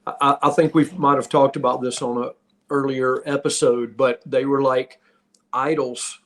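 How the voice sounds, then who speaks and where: A man's voice: mid-range voice, flat delivery, a little slow, fairly bright tone. A middle-aged man hosting a podcast, telling wrestling stories in a casual, rambling way with many restarts. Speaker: podcast host, former pro wrestler. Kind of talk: casual storytelling.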